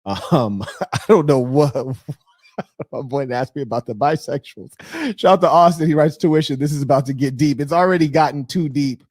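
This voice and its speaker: A middle-aged man hosting a relationship advice livestream, talking candidly and telling stories with loud, animated outbursts. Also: on the high side, normal speed, no room sound, clean studio sound. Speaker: host of a relationship advice show. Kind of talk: casual livestream talk reading viewer messages.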